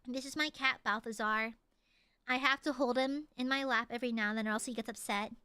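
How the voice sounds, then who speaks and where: A woman's voice: on the high side, fairly even intonation, brisk, sharp tone, clear, resonant tone, no echo. A woman streamer chatting casually with viewers, giggly and playful with lots of fillers.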